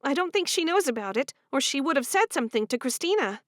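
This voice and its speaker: A woman's voice: high voice, very animated, quick pace, fairly bright tone, no echo, clean studio sound, pitched above the performer's own voice. A woman voicing an anxious, caring young Amish woman in an audiobook. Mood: worried.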